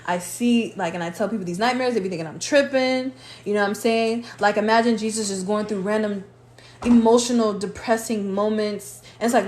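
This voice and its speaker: A woman's voice: medium pitch, a little fast, darkish tone. A woman giving a tarot reading on a live stream, talking in a casual, slangy way and acting out the voices she quotes. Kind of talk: casual livestream talk. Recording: echoey room with faint noise.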